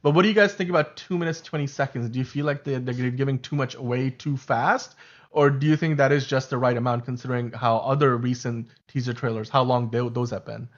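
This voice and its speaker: A man in a casual podcast chat, mid-pitched and talkative. He rambles and restarts his sentences in an animated way. The sound is slightly muffled and lo-fi. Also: fairly quick. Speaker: show host.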